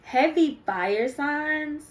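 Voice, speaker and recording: A woman's voice: high-pitched, lively intonation, very slow, low-quality recording. A young woman giving a casual spiritual card reading to her viewers, chatty and rambling with many ums and asides. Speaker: spiritual reader.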